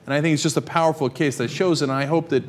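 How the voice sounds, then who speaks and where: A man's voice: a little high, steady tone, fast. A man hosting a panel discussion, reflective as he explains his point. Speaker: show host.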